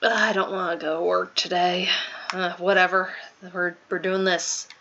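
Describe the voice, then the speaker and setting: A woman's voice: on the low side, flat delivery, moderate pace, sharp tone, dull audio, a little hiss or hum. A woman streaming herself reading a visual novel aloud, chatting casually and apologizing as she goes. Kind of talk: casual chat between voiced game lines. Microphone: home desk mic.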